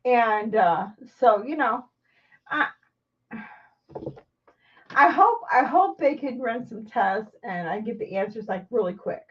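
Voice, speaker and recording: Higher-voiced woman, halting candid vlog talk. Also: expressive, recorded from a distance, muffled recording. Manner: halting and rambling, with many restarts. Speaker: vlogger. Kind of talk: candid personal vlog chat.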